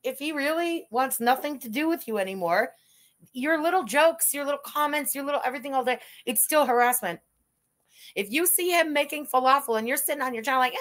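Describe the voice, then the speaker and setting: A high, bright woman's voice hosts a live reaction stream. She answers each clip with sarcastic, mocking retorts and a sharp, pointed edge. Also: expressive, fairly quick.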